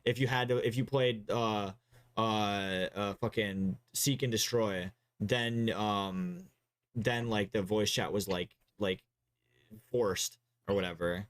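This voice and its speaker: A man's voice: on the low side, steady tone, slow. A young man streaming and co-hosting a casual gaming chat, rambling with many fillers and swear words. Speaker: streamer and co-host.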